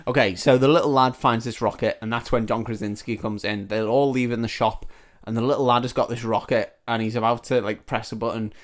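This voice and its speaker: A man co-hosting a comedy film podcast. He walks through the plot in a loose, crude, conversational way. He throws in plenty of quick agreeing fillers. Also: mid-range voice, fairly even intonation. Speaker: podcast co-host. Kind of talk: casual comedic film chat.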